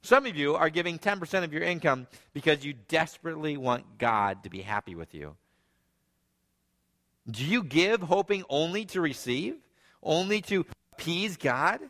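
Male preacher, fairly high, bright voice, hushed-to-emphatic delivery, big church reverb. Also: big pitch swings, a little slow. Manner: earnest preaching, swinging between hushed and emphatic. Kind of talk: sermon.

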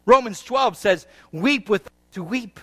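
A man preaches a sermon, his voice sitting high for a man. He moves between reading scripture and explaining it, his pitch swinging widely as the intensity rises and falls. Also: unhurried. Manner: expressive preaching, rising and falling intensity; reads scripture, then explains it. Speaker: pastor.

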